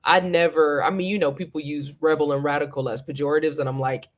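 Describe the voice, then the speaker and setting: A podcast co-host in casual chat who reacts quickly, laughs along and uses slang. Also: medium pitch, steady tone.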